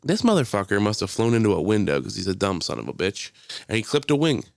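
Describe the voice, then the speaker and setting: Animated, foul-mouthed young man. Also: on the low side, fast, gravelly, no room sound, studio quality. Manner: animated, profane, laughing, acts out voices. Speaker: podcast host. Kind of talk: casual storytelling.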